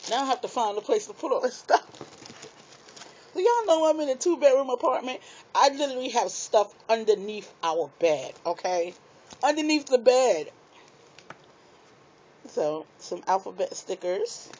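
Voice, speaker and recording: A woman chatting excitedly to her viewers while unboxing craft supplies in a small apartment, laughing at herself as she goes. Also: fairly high pitch, moderate pace, long pauses, a little hiss or hum. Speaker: craft vlogger. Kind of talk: casual unboxing chat to viewers. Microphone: tablet microphone. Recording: dull lo-fi tablet audio.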